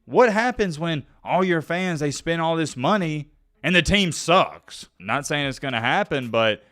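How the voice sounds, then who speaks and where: A man's voice: a little high, animated, unhurried, a bit bright, no echo, studio quality. A man telling a story and giving commentary to his audience in a casual, exasperated, ranting way. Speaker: sports commentary vlogger.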